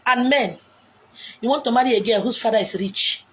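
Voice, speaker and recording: A woman with a Nigerian accent delivering an animated, preaching monologue, acting out quotes with big swings in pitch and loudness. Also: normal speed. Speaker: self-styled spiritual messenger. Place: beach, outdoors. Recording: faint background noise, outdoors.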